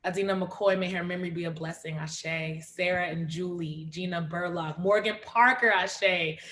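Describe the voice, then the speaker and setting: Lively woman hosting a poetry reading. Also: on the low side, moderate pace. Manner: lively, calls out names and cheers on the chat. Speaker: host of an online reading series.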